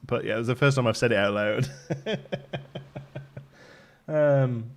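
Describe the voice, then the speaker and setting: A man in his thirties with a softened Midlands accent, hosting a game livestream in rambling, chatty talk and laughing often. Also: mid-range voice, measured pace. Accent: softened Midlands English. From English Midlands. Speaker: livestream host. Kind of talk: casual chat while streaming a game.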